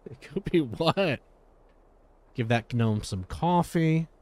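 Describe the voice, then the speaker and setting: A man giving casual gameplay commentary as a streamer, chatty and quick to exclaim, breaking off to talk to his dogs. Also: fairly high pitch, lively intonation, a little mellow, no echo. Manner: chatty, exclaims often, talks to his dogs between game remarks. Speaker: gaming streamer.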